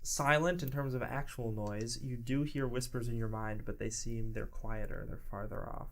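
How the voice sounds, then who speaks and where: Bright, playful man running the game. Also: mid-range voice, steady tone, moderate pace. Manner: playful, laughs often, throws in sound effects. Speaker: game master. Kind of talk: narrating a tabletop game.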